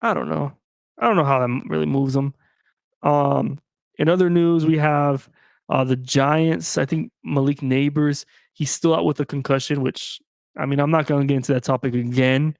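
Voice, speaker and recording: Alone at the mic, a male sports podcast host jokes around with his listeners in loose slang, talking to them directly. His voice sits a little high with fairly even intonation, a moderate pace and some vocal fry. The studio recording is clean, with no room sound.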